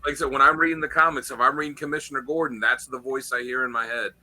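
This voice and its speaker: A man's voice: medium pitch, racing. A man co-hosting a casual podcast chat, telling a story and acting out the people in it. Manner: animated storyteller, acts out quoted voices. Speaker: podcast co-host.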